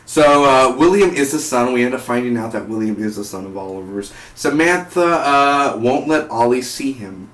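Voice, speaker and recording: A man reviewing a TV episode in a casual, excitable way, rambling and stumbling over his words. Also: mid-range voice, normal speed, hardly any pauses. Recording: roomy echoey room.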